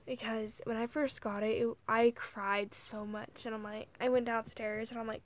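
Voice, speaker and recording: A teenage girl vlogging casually, talking softly and hesitantly with many fillers while holding back tears. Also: fairly high pitch, level tone, moderate pace, few pauses. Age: teens. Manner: soft, hesitant, full of "like" and "you know". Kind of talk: casual emotional vlog.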